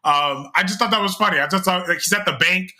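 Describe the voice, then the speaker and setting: A man's voice: high-pitched, fast talker, pushed and bright. Chatty young man rambling between restarts. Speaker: podcast co-host. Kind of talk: casual chat.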